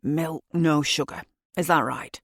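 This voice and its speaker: A grieving middle-aged father speaks in hushed, worried tones, voiced by a woman reading an audiobook. The voice is low. The sound is dry and close. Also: fairly even intonation, a little slow, dry recording. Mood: anxious.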